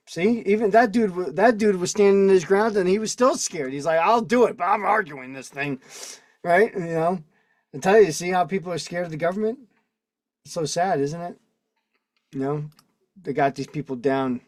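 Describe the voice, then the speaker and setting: With a high-pitched voice at a moderate pace and no echo, a man hosts a casual online chat. He rambles, reads his notes out loud, then riffs on them with indignation.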